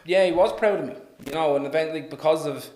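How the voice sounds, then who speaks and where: Man, Dublin accent, fairly high voice, animated storyteller, laughs and swears a lot, echoey room. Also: fast talker. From Ireland. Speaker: podcast guest. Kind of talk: casual storytelling. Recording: roomy echo.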